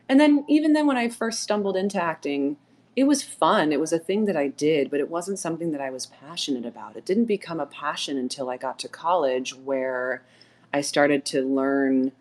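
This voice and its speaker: A woman with a notably low voice chats casually as the guest of a live audio Q&A. She tells stories with animation and plays out remembered dialogue. The sound comes through a simple call microphone. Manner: animated storyteller, laughs often, acts out quotes. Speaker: actress and AMA guest. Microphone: remote audio call mic.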